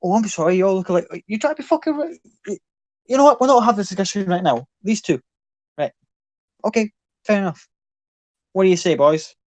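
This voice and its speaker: A man's voice: high voice, expressive, fairly quick, long pauses, no echo, pitched above the performer's own voice. A man puts on a brash circus ringmaster, all swagger and swearing. He barks at the crowd with a raised, pushy voice. The sound is dry and close. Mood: scornful. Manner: loud, foul-mouthed and bossy.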